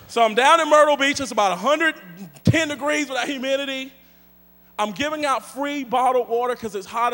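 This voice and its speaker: A man with a high voice preaches to his congregation, telling a story in a lively, joking, chatty way. His voice rings out with a long reverb, as if in a large church hall. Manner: animated, joking, conversational. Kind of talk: storytelling sermon.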